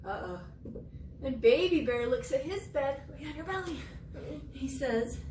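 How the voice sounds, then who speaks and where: A young woman teaching preschool yoga through a story, expressive and sing-song, with gasps and whispers, recorded roomy and from far off. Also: high-pitched, unhurried, a little hiss or hum. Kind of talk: storytelling yoga lesson for children.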